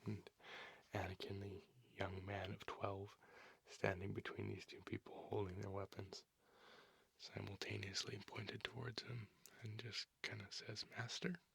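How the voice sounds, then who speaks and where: A man reading a comic aloud in a slow, hushed ASMR style on a binaural microphone, with many fillers. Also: fairly low pitch, little pitch movement, creaky, husky, no room sound. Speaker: comic reader.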